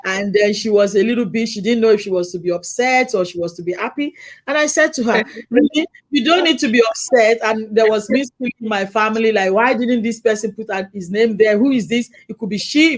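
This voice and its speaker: A middle-aged woman hosting a casual chat, telling stories in a lively way, acting out quoted lines and laughing often. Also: mid-range voice. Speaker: host.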